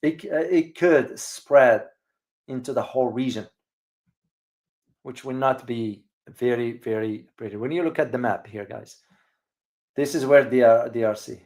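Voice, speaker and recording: A man hosting a casual live-stream commentary, speaking emphatically to his viewers, repeating words for stress and pausing often with hesitations. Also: medium pitch, darkish tone. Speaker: channel host and geopolitical commentator.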